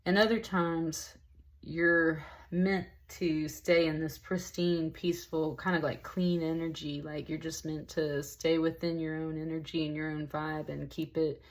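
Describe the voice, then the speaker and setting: A woman with a low-pitched voice talks through a tarot reading in a loose, rambling way. She sounds emotional and slightly tearful, and she keeps dropping in "like" and "y'all" as she goes. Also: little pitch movement, measured pace. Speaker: tarot reader. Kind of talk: casual spoken tarot reading.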